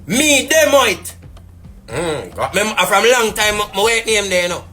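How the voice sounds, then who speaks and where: Faint music plays behind a man whose high voice is very animated, bright and forceful at a moderate pace. Speaking Jamaican patois, he's a businessman ranting casually and indignantly on a live stream to tell his side, rambling and repeating fillers.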